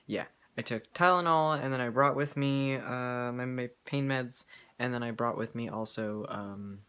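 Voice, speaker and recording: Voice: medium pitch, measured pace, fairly bright tone, clear, resonant tone. A vlogger talking casually at home in an update video, rambling with lots of fillers and restarts and giggling often.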